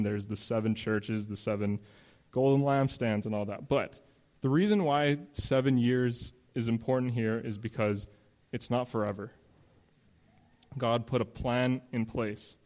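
A man's voice: medium pitch, darkish tone. A man preaching a sermon in a conversational way, reading scripture aloud and explaining it. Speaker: pastor.

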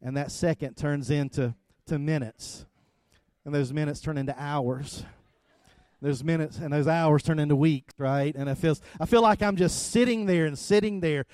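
A man's voice: on the high side, moderate pace, clean tone, dry recording. A middle-aged man preaching a conversational sermon, telling everyday stories with frequent asides to the congregation. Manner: conversational, storytelling, rising to loud animated retelling. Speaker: pastor.

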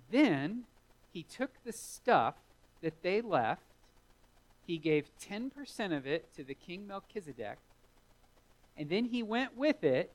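A man's voice: on the high side, darkish tone, poor audio. A man preaching a sermon, retelling a story vividly with rising emphasis. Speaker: pastor.

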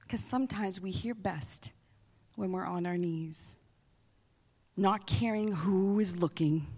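A middle-aged woman giving a preached testimony, animated, moving between emphatic lines and hushed ones. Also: mid-range voice, a little slow. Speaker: church staff member giving testimony. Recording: long reverb of a large hall.

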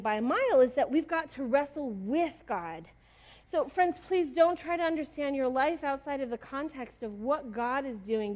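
Woman pastor, young adult, relaxed conversational sermon delivery, slightly high pitch. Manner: casual, chatty preaching with many fillers.

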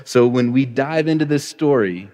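A man's voice: mid-range voice, moderate pace, warm tone, lo-fi sound. A man in his thirties, a pastor, preaching in a chatty, joking style that builds to emphatic points. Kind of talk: conversational sermon. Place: church sanctuary. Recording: long hall reverb.

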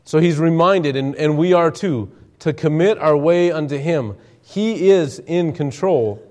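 A man's voice: fairly high pitch, a little slow, a little mellow. Earnest male preacher reading scripture. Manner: earnest, reads King James scripture then explains it.

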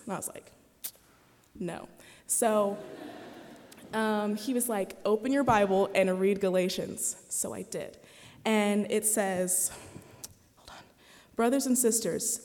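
A woman's voice: medium pitch, a little mellow. An eighteen-year-old woman giving a candid, chatty personal testimony to a chapel audience, full of fillers and retold dialogue. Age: 18, young adult. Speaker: student chapel speaker. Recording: long reverb of a chapel hall.

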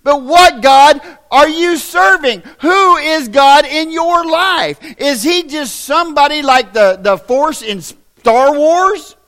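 Southern preacher guy, real high pitched and bright, folksy plain talk, hollers then goes quiet. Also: animated, slow pace, few pauses. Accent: Southern American. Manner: fiery, shouting preacher who swings from loud to hushed. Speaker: pastor. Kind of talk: sermon.

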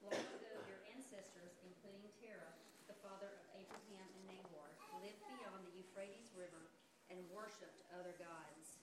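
Woman reading scripture fast, way off mic, loud noise and echo. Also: mid-range voice, steady tone. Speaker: congregation member reading scripture. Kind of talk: reading aloud. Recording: echoey room, distant mic, loud background noise.

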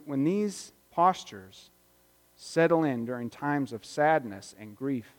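Male pastor, sermon delivery, somewhat higher voice, conversational with quiet reflective dips, big reverberant sanctuary. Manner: conversational, reflective, swings between loud and hushed. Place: church sanctuary. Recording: long reverb of a church hall.

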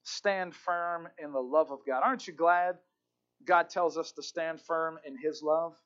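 A man preaching a sermon as pastor, fervent, repeating key phrases and slowing down to stress them. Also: a little high, a bit bright, highs cut off.

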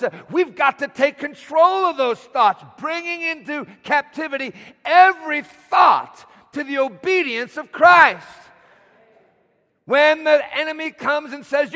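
A man preaching a sermon, swinging from shouts to quiet asides, calling for amens from the congregation. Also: very high-pitched. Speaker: pastor. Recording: long hall reverb.

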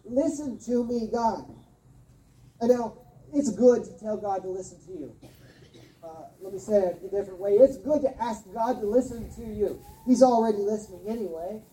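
Mellow-voiced woman preaching in a roomy church. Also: medium pitch, recorded from a distance. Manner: earnest, emphatic, with repeated words and pauses. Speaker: pastor. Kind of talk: sermon. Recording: roomy sound from off-mic.

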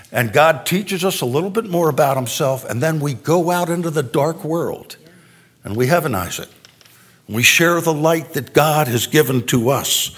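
A man's voice: mid-range voice, fairly bright tone, breathy edge. A man preaching a sermon to a congregation in a church, in a conversational style with asides and tag questions. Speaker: pastor. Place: church sanctuary before an audience.

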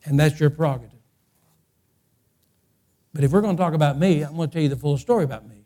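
Preaching at a quick pace, this pastor has a voice on the high side. He keeps circling back to restart and repeat lines, rising to loud, fervent climaxes.

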